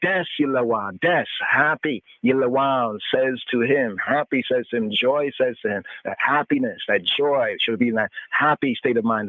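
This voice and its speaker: A man's voice: medium pitch, no room sound. A man on a radio show teaching scripture verse by verse, reading words aloud and repeating them over and over as he translates them. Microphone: phone line. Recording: dry, tinny phone-line call-in audio.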